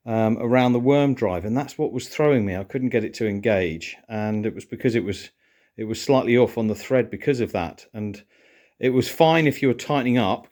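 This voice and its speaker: A man's voice: medium pitch, a little mellow. A middle-aged British man vlogging, chatting casually and explaining things in detail with a playful streak.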